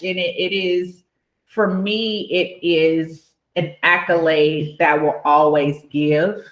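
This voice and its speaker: A woman guest in an interview, animated and emotional, fighting back tears as she talks. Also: low-pitched, slow pace, echoey room.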